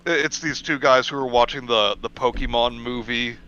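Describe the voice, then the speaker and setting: Bright lively man on lo-fi audio. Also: mid-range voice, normal speed, clean tone. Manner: giggly, retells jokes in silly voices. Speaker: co-host. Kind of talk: casual comedic chat.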